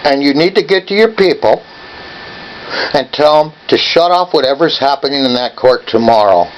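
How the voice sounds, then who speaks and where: A man's voice: fairly high pitch, animated, normal speed, a little hiss or hum, rough recording. A man in his seventies calling an office and berating the person on the line, confrontational and badgering. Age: 70s. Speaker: caller. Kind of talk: angry phone call.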